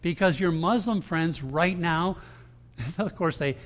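A man's voice: fairly high pitch, takes it slowly. A man preaching a sermon to his congregation in a conversational style, with frequent restarts and emphatic quoted lines. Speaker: pastor. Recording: long hall reverb.

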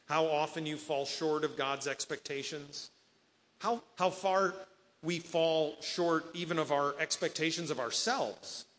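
A male pastor delivers an earnest sermon, quoting scripture and acting out the people in his stories. His voice sits a little high for a man and rings with the long reverb of a big hall. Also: a little slow, fairly bright tone. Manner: earnest preaching, quoting scripture and voicing imagined speakers.

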